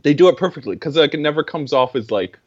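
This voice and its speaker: A man's voice: on the high side, lively intonation, fast, husky, dry recording, muffled recording. A young man in casual film discussion, earnest and rambling, with many fillers and restarts. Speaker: film podcast co-host.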